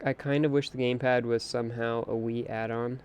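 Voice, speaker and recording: A man's voice: mid-range voice, flat delivery, brisk, darkish tone, slight background noise. A young man hosting a late-night game stream, chatting casually with an opinionated, talkative manner and reading out chat. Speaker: live-stream host. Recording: faint music behind voice.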